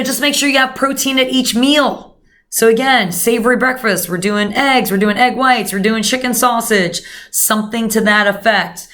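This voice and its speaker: A woman's voice: medium pitch, fairly bright tone. A woman giving a casual nutrition lesson, chatty and full of fillers, talking straight to her viewers. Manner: chatty, many fillers, addresses viewers as guys. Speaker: nutrition coach. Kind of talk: casual instructional talk.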